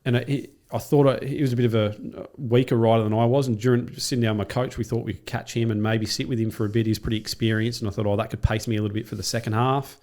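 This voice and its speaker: A man, a triathlete and coach, telling a race story in casual chat with lots of swearing and acted-out quotes. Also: mid-range voice. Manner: rapid, profane, animated retelling with acted-out quotes. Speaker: podcast guest, triathlete and coach.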